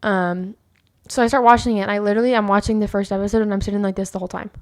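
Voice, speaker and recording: A woman's voice: mid-range voice, fairly even intonation, racing. A woman hosting a personal faith podcast, telling a story in a rambling way with many fillers and restarts. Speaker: podcast host.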